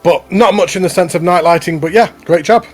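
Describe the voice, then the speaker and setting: A man with a slightly husky voice co-hosts a casual showcase, upbeat and chatty. He reads out entries and praises each one freely, over faint background music. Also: sits high, a little fast. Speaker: co-host. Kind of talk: casual chat commentary on contest entries.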